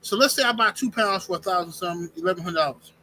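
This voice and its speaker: A man hosting a live-streamed talk show, speaking in an animated, emphatic way, often restarting sentences. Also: high-pitched, quick pace, a little hiss or hum, poor audio. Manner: animated, emphatic, repeats words and restarts, says "bro" and "fam". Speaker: podcast host. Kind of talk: casual opinionated live-stream chat.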